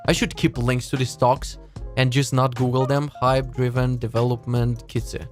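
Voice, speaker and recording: A man's voice: mid-range voice, level tone, normal speed, faint music behind. Profane ranting streamer man. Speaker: livestream host. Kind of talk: casual live-stream chat.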